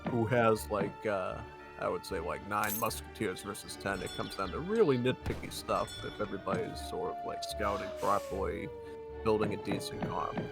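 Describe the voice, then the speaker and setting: Low-voiced man co-casting a game. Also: moderate pace, creaky, loud music behind the voice. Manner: relaxed, explanatory, hedging with "like". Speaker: co-caster. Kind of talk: analytical game commentary.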